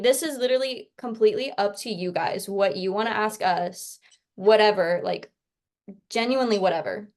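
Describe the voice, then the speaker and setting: A young adult woman co-hosting a podcast in casual chat, chatty with lots of filler words. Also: medium pitch. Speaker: podcast co-host.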